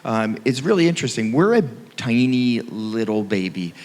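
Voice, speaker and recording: A man's voice: mid-range voice, very animated, normal speed, a little mellow. Conversational man on a panel stage. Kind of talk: conference panel discussion. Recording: reverberant conference hall.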